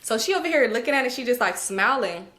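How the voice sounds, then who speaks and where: A woman tells a funny personal story in loose, slangy talk, laughing her way through the details. Her voice sits a little high. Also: animated, quick pace, fairly bright tone. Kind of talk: casual storytime.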